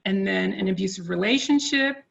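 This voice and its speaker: A woman's voice: mid-range voice, normal speed, gravelly, muffled recording. A middle-aged woman hosting an interview over a video call, talking hesitantly with many fillers and reading out viewer comments. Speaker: host, board president.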